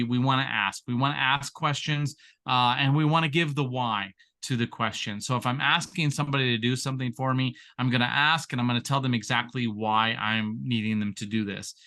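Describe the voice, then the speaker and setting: A man's voice: mid-range voice, sharp tone. A man leading a training session over a video call, teaching in an earnest, repetitive, emphatic way.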